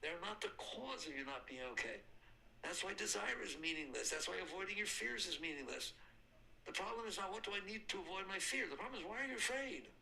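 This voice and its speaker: A man's voice: high voice, animated, fairly quick, vocal fry, pushed and bright, slight background noise, poor audio. An older man giving a spiritual talk, emphatic, repeating points and answering his own questions. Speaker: spiritual teacher.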